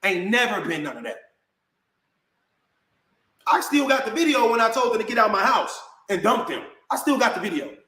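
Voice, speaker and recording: A man with a high voice rants at the camera and takes his critics head on. He keeps it slangy and says "bro" over and over. He is recorded in a room with a lot of echo. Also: sing-song, moderate pace, pauses often, pushed and bright. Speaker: vlogger answering critics. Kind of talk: heated rant to camera. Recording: echoey room.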